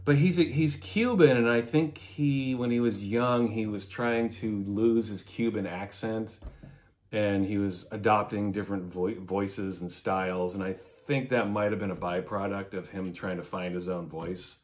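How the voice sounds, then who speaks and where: A man's voice: fairly low pitch, fairly even intonation, measured pace, darkish tone. A man in his forties chatting casually and enthusiastically about records, swearing now and then. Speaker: music vlogger.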